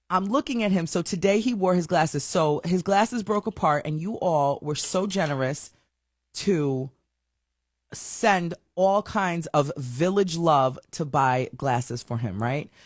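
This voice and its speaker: A woman hosting her own online show, telling a story in a chatty, animated way with lots of fillers and restarts. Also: on the low side, no room sound, studio quality. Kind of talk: casual livestream chat.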